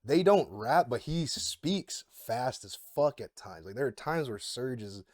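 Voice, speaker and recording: A man's voice: medium pitch, lively intonation, measured pace, darkish tone, no echo, clean studio sound. A man hosting a podcast, asking rambling questions in casual talk with swearing. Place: podcast studio.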